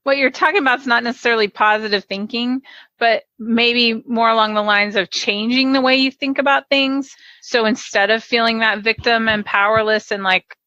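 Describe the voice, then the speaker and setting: A woman's voice: a little high, steady tone, moderate pace, bright, forceful tone, dry recording. A woman hosting a podcast, reflectively summarizing her guest's points. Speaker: podcast host. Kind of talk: interview conversation. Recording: dull, dry lo-fi sound.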